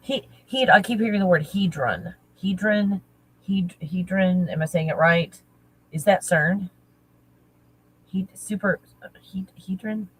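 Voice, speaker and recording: A woman talking casually as a spiritual teacher, halting and searching, correcting herself often. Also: on the low side, animated, a little hiss or hum, rough recording. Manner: halting, searching, self-correcting with nervous laughs. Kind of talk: casual channeling talk.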